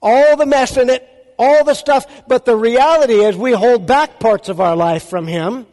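A man's voice: extremely high pitch, moderate pace, darkish tone. A man preaching a sermon as a pastor, emphatic and full of rhetorical questions to the audience. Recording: long hall reverb.

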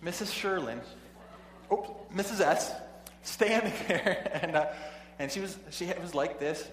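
A man whose voice is on the high side speaks at a moderate pace as he preaches. He reads scripture before recounting a classroom story conversationally, chuckling in asides and often restarting, recorded in an echoey hall with a faint hum.

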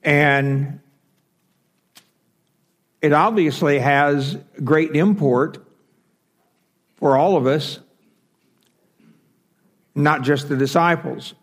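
A man's voice: on the high side, extremely slow, long pauses. A man teaching a Bible class, explaining step by step with fillers and self-corrections.

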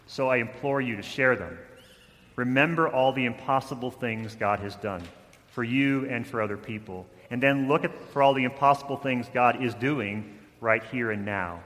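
A man preaching a sermon, telling a story with rising intensity, then softening toward a quiet close. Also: mid-range voice, big-room sound. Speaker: pastor.

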